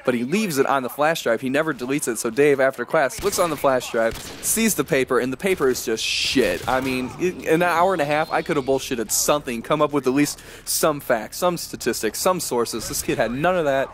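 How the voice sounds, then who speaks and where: A man's voice: mid-range voice, fairly quick, hardly any pauses, a little hiss or hum. Young man ranting over gameplay. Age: young adult. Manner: rambling, chuckling, ranting. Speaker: gaming commentator. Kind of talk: casual gameplay commentary.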